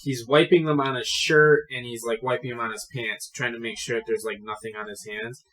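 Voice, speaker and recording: A man's voice: medium pitch, fairly even intonation, a little fast, fairly bright tone, rough recording. A young man narrating a tabletop game as game master, casual and profane. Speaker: dungeon master.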